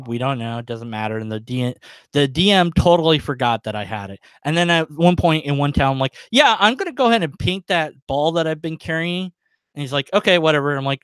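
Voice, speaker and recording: Chatty man telling a game story, smooth voice. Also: a little high, fairly bright tone, no echo. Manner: rambling, chuckling, full of fillers. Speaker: livestream host. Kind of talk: casual storytelling.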